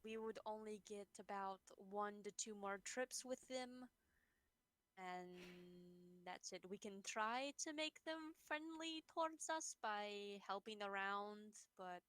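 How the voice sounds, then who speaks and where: Woman, tabletop game player, mid-pitched voice, hesitant, thinks aloud, dry close sound. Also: slow pace, a bit bright, no room sound, rough recording. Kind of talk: casual tabletop role-play chat.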